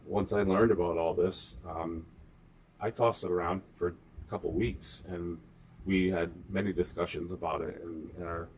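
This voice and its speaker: A middle-aged man, a guest on a podcast, talking in a measured, hesitant way with frequent "uh" and "um". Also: low-pitched, steady tone, a little mellow, slight background noise. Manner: measured, hesitant, many uhs and ums. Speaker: guest, host's partner. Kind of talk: casual conversation.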